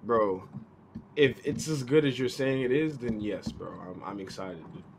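A man's voice: mid-range voice, animated, normal speed, a little mellow, slight background noise. A young man co-hosting a podcast in casual chat, teasing his friends and laughing often. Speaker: podcast co-host.

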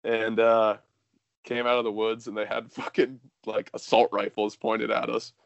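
A man's voice: fairly low pitch, level tone, normal speed, vocal fry, dry recording, muffled recording. A young man telling a story casually, rambling with lots of fillers and swearing.

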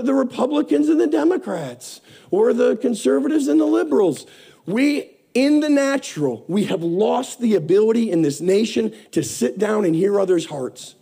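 Middle-aged male preacher, raised pitch with a gravelly edge, fervent sermon delivery. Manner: impassioned, rising and falling between hushed and emphatic.

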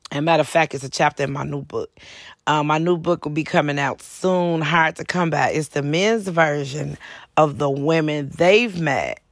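A host spinning a casual, profane story and acting out each quote. The voice is gravelly with fry. It sits close in a dry, dead room. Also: medium pitch, no echo. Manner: profane, animated, lots of acted quotes. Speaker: podcast host and author.

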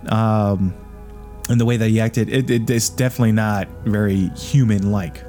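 A man's voice: on the low side, fairly even intonation, moderate pace, mellow, faint music behind. A man co-hosting a casual podcast, reading a strange account aloud and rambling with crude jokes and laughter. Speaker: podcast co-host.

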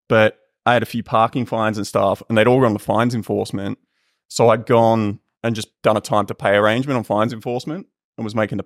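Man, podcast host, casual rambling, lowish voice, dry studio sound. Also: no room sound. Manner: rambling, lots of ums. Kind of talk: casual chat.

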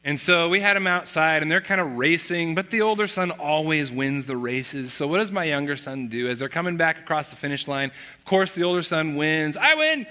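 Male pastor, fairly high and bright voice, conversational sermon storyteller, long hall reverb. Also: fairly quick, smooth. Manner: conversational storytelling, acts out family dialogue.

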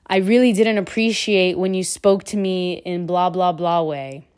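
Warm-toned woman giving earnest relationship advice. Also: fairly low pitch, fairly even intonation, a little slow, smooth. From Cuban heritage. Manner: earnest, emphatic, direct. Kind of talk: casual advice monologue to camera.

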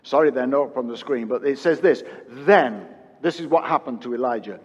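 A pastor in his fifties preaching a sermon, swinging from loud emphatic peaks to hushed quiet and repeating phrases for emphasis. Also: mid-range voice, moderate pace, husky, big-room sound, muffled recording. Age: 50s. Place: church.

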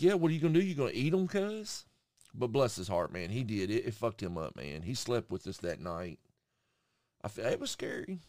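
A man co-hosting a podcast, telling an animated, profane story in casual chat and acting out what people said. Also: lowish voice, dry recording, studio quality. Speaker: podcast co-host.

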